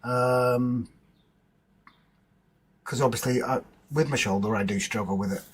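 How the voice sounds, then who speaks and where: Husky-voiced man hosting a chatty stream. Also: medium pitch, unhurried, poor audio. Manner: chatty, greets and answers viewers in the chat; informal banter with his partner. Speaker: livestream host. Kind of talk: casual livestream chat.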